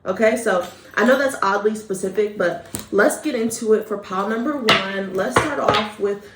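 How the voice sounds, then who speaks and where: A woman's voice: mid-range voice, normal speed. A woman giving a tarot reading in a chatty, hyped, affectionate way with casual slang. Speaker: tarot reader. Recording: echoey room, mic at a distance, faint noise.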